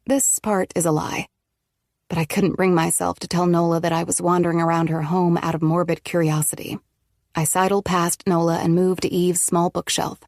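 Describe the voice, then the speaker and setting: Woman reading an audiobook, lowish voice, dry close sound, steady. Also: gravelly, dry recording. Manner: steady, measured first-person reading. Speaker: narrator. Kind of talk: audiobook narration.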